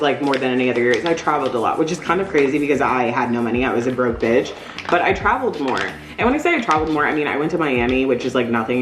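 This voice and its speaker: A woman's voice: a bass voice, roomy sound, a little hiss or hum. A woman in her thirties talking candidly in a casual, rambling vlog while decorating cookies, using lots of fillers. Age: 30s. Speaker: vlogger.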